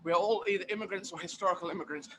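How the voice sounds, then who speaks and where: A man being interviewed as a guest comedian, talking in an animated, emphatic way and repeating phrases for effect. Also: sits high, very fast, background noise. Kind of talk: casual interview chat.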